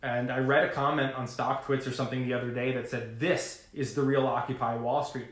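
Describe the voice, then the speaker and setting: Guy ranting about stocks to his camera, rambly and animated, lots of ums, kinda echoey room. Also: medium pitch, fairly quick. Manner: rambling, animated, with many fillers and asides. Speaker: finance vlogger. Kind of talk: casual talking-to-camera rant.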